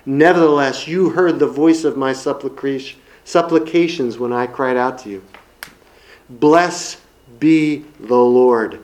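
A man's voice: a little high, poor audio. A man preaching a sermon, reading scripture aloud and expounding it with emphatic repetition.

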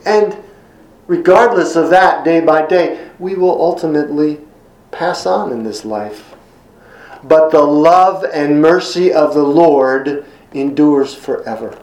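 A middle-aged man preaching a sermon in an earnest, emphatic way, slowing down and repeating words when quoting scripture. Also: a little high, darkish tone, roomy sound, rough recording. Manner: earnest, emphatic repetitions, slows for scripture quotes. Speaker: pastor.

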